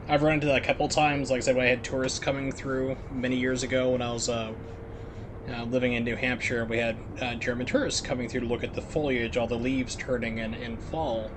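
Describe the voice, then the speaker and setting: Male streamer, American, casual rambling commentary, average pitch. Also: noisy background. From United States. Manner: rambling, filler-heavy chat with put-on voices. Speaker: game streamer.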